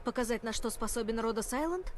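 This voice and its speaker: A woman's voice: fairly high pitch, animated, quick pace, faint music behind, close to an everyday voice. An actress voicing a proud young female mercenary in a game, speaking in a cool, dismissive way. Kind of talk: game voice line.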